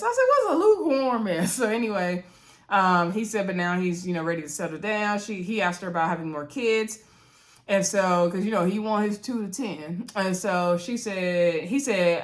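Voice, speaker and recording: A woman casually recapping a dating show episode, chatty, jumping into a high voice for sassy asides and laughing at her own remarks. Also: a bit bright. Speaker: reality show recap host.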